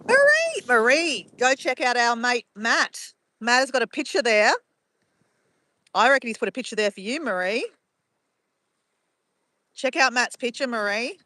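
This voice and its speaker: A chatty woman with a bright, fairly high voice talks live to her viewers from her phone. She walks outdoors at sunrise, reading out chat messages as she goes. The sound is close and dry. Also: measured pace, long pauses, no echo. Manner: chatty, greets viewers by name and reads chat aloud. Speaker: live streamer. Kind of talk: casual live-stream chat.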